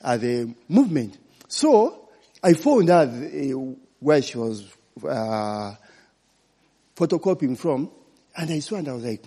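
A man's voice: medium pitch, sing-song, slow, pauses often, warm tone, slightly rough. Preaching man, echoing hall. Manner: chatty, frequent "eh?" and "okay?" check-ins. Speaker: pastor. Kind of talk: informal sermon. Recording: long hall reverb.

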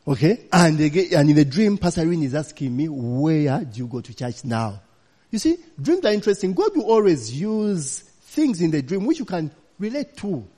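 Male preacher, a touch high-pitched, loose and laughing as he tells stories to the congregation, church hall with reverb. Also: very animated, fairly quick, hardly any pauses, mellow. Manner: chatty, laughing, peppers lines with "you know, eh?". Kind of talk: storytelling sermon.

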